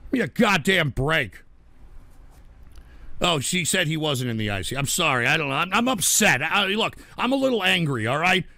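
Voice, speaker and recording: Male stream host, angry profane ranter, bright high voice. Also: very animated, a little fast, hardly any pauses, dry recording. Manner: profane, heated, swings into shouting. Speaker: livestream host reading donation messages. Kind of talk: angry ranting livestream talk.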